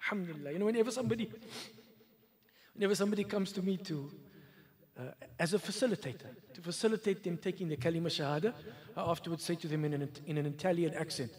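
A man's voice: on the high side, fast, darkish tone, breathy edge. A man giving a sermon, reciting Arabic verses and translating them, with many rhetorical questions. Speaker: preacher.

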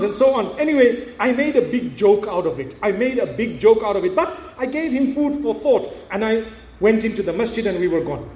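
High-voiced preacher in an echoey room. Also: male voice. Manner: storytelling, animated, acts out dialogue. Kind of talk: sermon.

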